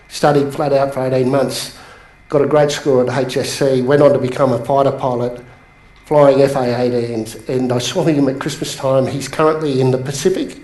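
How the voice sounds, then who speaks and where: A man coaching a seated audience in a motivational bootcamp talk, telling stories with sudden rises in pitch for emphasis. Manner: animated storytelling, pitch jumps up for emphasis. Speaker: business coach. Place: training room with a live audience. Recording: echoey room.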